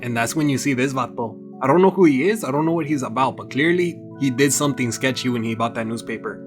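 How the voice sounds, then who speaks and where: A man's voice: medium pitch, quick pace, faint music behind. A man doing a comedic anime episode recap, mixing in Spanish slang and playful put-on voices.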